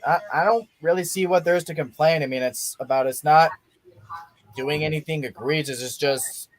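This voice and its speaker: A man's voice: fairly high pitch, normal speed. A young man hosting a casual movie watch-along, rambling enthusiastically with frequent restarts. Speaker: podcast host.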